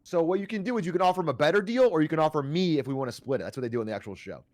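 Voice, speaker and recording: A man bantering as a mock investor, quick and salesy. His voice runs a little high and his delivery is rapid. The sound is close and dry, with no room echo. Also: lively intonation, a little mellow. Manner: fast, hyped, salesy. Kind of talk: playful streamer banter.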